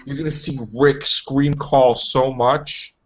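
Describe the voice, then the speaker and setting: A man hosting a casual chat show, talking in an animated way. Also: slow pace, a little hiss or hum. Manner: animated, jumping pitch when joking. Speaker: show host. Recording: dull lo-fi recording.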